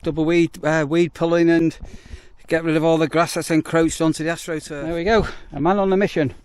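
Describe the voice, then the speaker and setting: A slightly high-voiced British man talks to camera outdoors on a campsite while doing yard work. He rambles in a chatty way with plenty of ums, sounding out of breath from the labour. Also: flat delivery, brisk, darkish tone, clean tone. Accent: British English. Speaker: campsite warden. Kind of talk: casual outdoor work vlog.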